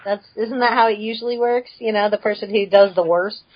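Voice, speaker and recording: A woman co-hosting a podcast, chatty and quick to laugh in casual chat. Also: mid-range voice, fairly even intonation. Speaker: podcast co-host. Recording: dull muffled call audio.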